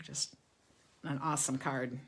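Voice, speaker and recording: A woman's voice: very deep voice, fairly even intonation, a little slow, slightly rough. A woman hosting a live craft stream, chatting casually with viewers, showing greeting cards, laughing often and reading comments aloud. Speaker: card-making livestream host.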